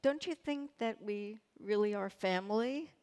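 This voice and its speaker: A woman's voice: medium pitch, a little slow, a little mellow, clear, resonant tone. A woman giving off-the-cuff, joking and self-deprecating thank-you remarks on stage. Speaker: honoree of a tribute. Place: large event hall.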